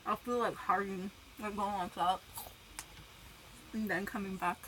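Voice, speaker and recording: Young female streamer, bright voice, giggly, chatty, casual livestream banter. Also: medium pitch, steady tone, measured pace, a little hiss or hum, rough recording. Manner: giggly, chatty, greets viewers by name; self-conscious, eating while talking.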